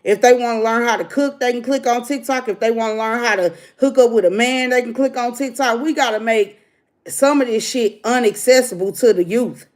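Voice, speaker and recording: A middle-aged woman with a slightly high voice speaks briskly. As a livestream host, she rants bluntly to her viewers in a casual, preacher-like way.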